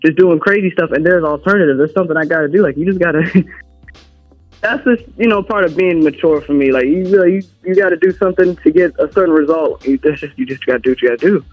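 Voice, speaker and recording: A woman's voice: low-pitched, racing, hardly any pauses, no echo, dull audio, faint music behind. A woman from the Washington DC area, a guest artist and songwriter talking openly in a casual interview and acting out what others say to her. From Washington DC metro area. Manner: candid and open, acts out what others say.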